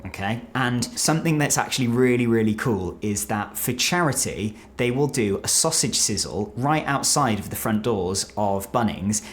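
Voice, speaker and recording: Chatty British man explaining slang. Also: a little hiss or hum. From Britain. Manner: animated and playful, often drops to a low confiding voice. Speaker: presenter explaining Australian slang.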